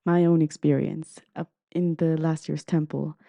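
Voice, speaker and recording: Heartfelt woman, very dark mellow voice. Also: low voice, little pitch movement, unhurried, creaky, no echo. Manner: earnest, emotive, heartfelt. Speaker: podcast host. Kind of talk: personal storytelling.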